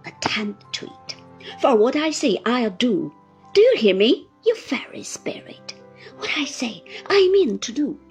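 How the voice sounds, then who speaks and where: A woman's voice: on the high side, big pitch swings, measured pace, a little mellow, slightly rough, muffled recording, soft background music, exaggerated voice. A woman doing a cold, scornful, cruel young woman. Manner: sneering and stern, drops to menacing whispers.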